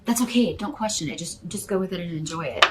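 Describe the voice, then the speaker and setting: A woman's voice: on the low side, fast, a little mellow, a little hiss or hum, rough recording. A woman giving a casual tarot reading, talking straight to the listener with a rambling, hesitant flow full of fillers and restarts. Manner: addresses the listener directly as a star sign. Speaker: tarot reader.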